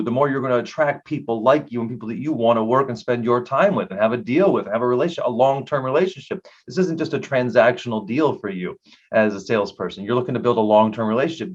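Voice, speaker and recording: A man hosting a casual interview, affirming and reflecting on his guest's points in drawn-out sentences. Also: medium pitch. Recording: dull lo-fi sound.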